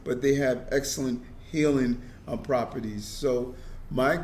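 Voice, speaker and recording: A middle-aged man speaks earnestly as an interview guest, often repeating a word as he gets a sentence going. His pitch sits at an ordinary level for a man. A faint hiss runs under the recording. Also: fairly even intonation, unhurried, a little mellow. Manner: earnest, repeats words when starting sentences. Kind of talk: casual conversation.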